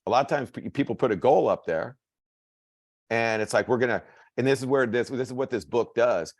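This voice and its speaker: A man giving a motivational coaching talk, energetic and repetitive, acting out quotes with big jumps in pitch. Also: a little fast, no room sound, clean studio sound. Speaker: network marketing coach.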